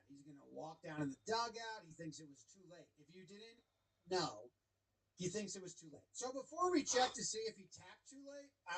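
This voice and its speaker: A man's voice: high voice, husky, poor audio. A man giving wry, chatty play-by-play commentary over a baseball clip. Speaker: sports video commentator.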